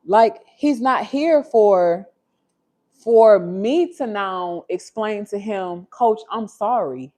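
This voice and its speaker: A woman's voice: medium pitch, animated, extremely slow, a little mellow. Woman, livestream host at home, confessional and heartfelt, chatty with viewers. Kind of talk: candid livestream storytelling. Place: her home.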